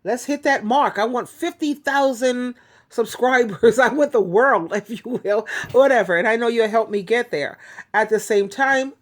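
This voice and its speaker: A woman hosting her own advice channel, talking casually to viewers in a chatty, rambling way, often giggling and restarting her sentences. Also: on the high side. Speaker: YouTube advice host. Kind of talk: casual talk to camera.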